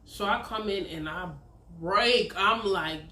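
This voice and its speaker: A woman's voice: fairly low pitch, normal speed, bright, forceful tone, slight background noise. A woman, telling a candid, profane personal story on her vlog. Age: 30s. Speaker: vlogger. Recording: roomy echo.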